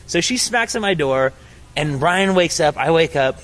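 A man's voice: on the high side, lively intonation, normal speed, a bit bright. A young adult man casually telling a story outdoors on a college campus, slangy and profane, saying "dude" and "bro" a lot. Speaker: podcast host.

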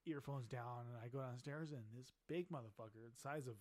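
A man's voice: medium pitch, a little fast, darkish tone. A middle-aged man on a podcast, telling a story in a boisterous, profane way and laughing as he talks. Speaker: podcast co-host. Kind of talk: casual drunken storytelling.

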